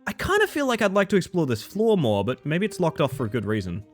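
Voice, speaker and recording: An Australian man streaming a horror game, chatting with viewers in a playful, rambling, self-mocking way that swings between goofy and deadpan. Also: a little high, fast talker, faint music behind. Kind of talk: casual live-stream commentary.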